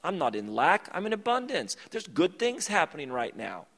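Man, pastor, fairly high voice, emphatic and conversational, repeating key lines, long reverb of a big church hall. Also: very animated, moderate pace, a bit bright. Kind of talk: sermon.

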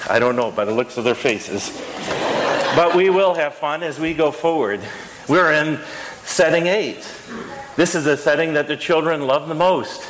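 A man's voice: on the high side, normal speed, noisy background. A man leading a church service, reading liturgy and prayers and speaking casually to the congregation in between. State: out of breath. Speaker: pastor. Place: church sanctuary. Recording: long church reverb, faint ambience.

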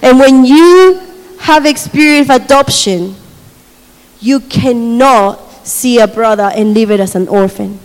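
A woman telling a faith story in a sermon, animated, laughing often and acting out what people said. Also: on the high side, a little slow. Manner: animated storytelling with frequent laughter and acted quotes. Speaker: speaker sharing a testimony. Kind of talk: testimony sermon. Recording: long reverb of a large hall.

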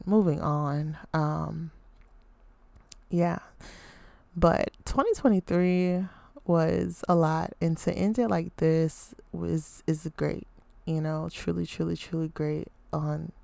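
A woman's voice: fairly low pitch, vocal fry, a little mellow, dry recording. A woman in her twenties hosting a podcast, talking candidly in a casual personal reflection, rambling with lots of fillers. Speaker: podcast host.

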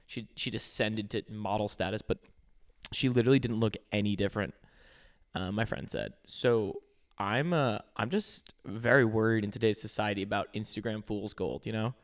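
A young man chats casually on a podcast, rambling through his stories with plenty of fillers, restarts and "like"s. His voice sits a little low. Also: normal speed. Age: young adult. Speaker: podcast co-host. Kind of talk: casual chat.

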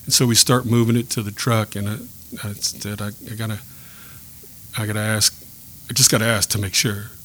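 A man sharing a personal faith story in a podcast chat, earnest and reflective, pausing and restarting as he speaks. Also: fairly low pitch, flat delivery, fairly bright tone, slight background noise. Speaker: guest telling a faith story.

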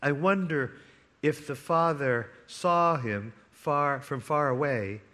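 A man preaching a sermon, telling a parable with dramatic swings between hushed, quiet lines and loud, eager ones. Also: on the high side, slow. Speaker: pastor.

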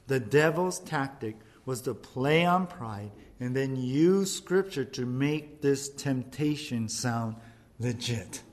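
A male pastor preaching in a relaxed, chatty way, speaking straight to his listeners. His voice sits a little high for a man. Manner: conversational preaching, addresses the audience as "you guys". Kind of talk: sermon.

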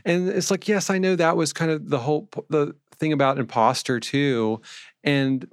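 A man's voice: on the high side, steady tone, moderate pace, smooth, no echo, clean studio sound. A man co-hosting a podcast, reviewing films in casual chat, rambling and searching for words. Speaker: podcast co-host.

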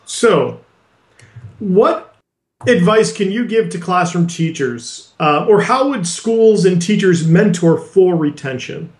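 A man's voice: high-pitched, animated, takes it slowly, echoey room. A man hosting a casual podcast conversation, reflective and hesitant with fillers.

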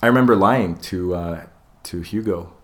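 Speaking at a moderate pace in a deep voice, a male co-host of a laid-back podcast tells a lively, profanity-heavy story, voicing each quoted person himself.

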